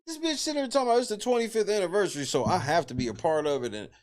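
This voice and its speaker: A man in casual commentary, voice sitting a touch high and swinging widely in pitch. He talks in profane bursts and exclaims in disbelief. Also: animated, rapid-fire. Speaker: host. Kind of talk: casual commentary on a reality show.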